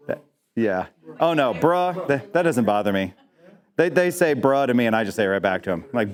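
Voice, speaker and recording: A man's voice: lowish voice, lively intonation, normal speed, long pauses. A man teaching an interactive Bible lesson, quizzing the class with questions and dropping in joking asides.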